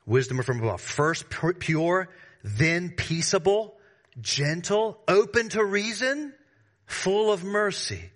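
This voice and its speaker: A pastor preaches a sermon to his congregation, emphatic and expressive at a slow pace. His pitch and volume rise suddenly, and he drops casual, slangy asides.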